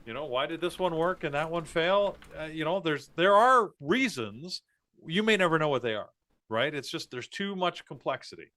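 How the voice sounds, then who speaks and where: A man's voice: on the high side, animated, moderate pace, pushed and bright. A man co-hosting a live trading stream, chatting in a rambling way and laughing at his own jokes. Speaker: trading show co-host. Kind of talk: casual live-stream chat.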